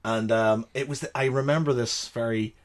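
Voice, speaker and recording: A man's voice: mid-range voice, steady tone, moderate pace. A man from Northern Ireland, a podcast co-host, telling rambling anecdotes in casual chat and laughing at his own stories.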